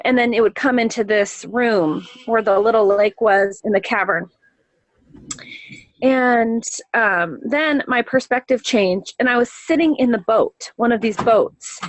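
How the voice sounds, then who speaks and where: A woman's voice: fairly high pitch, a little slow, no room sound, rough recording. A woman giving a casual spoken account of a vision she had. She talks earnestly and reflectively, often searching for words with fillers and restarts. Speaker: person sharing a vision.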